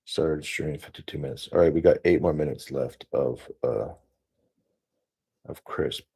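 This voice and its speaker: Low, husky man thinking aloud. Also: moderate pace, dark tone. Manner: rambling, thinking aloud with many fillers and restarts. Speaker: solo streamer. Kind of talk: casual screen-share walkthrough.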